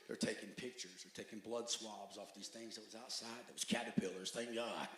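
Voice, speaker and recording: At a church recovery meeting, a man gives his personal testimony briskly and emphatically, swinging between loud outbursts and hushed, low passages. The echoey church hall carries his voice.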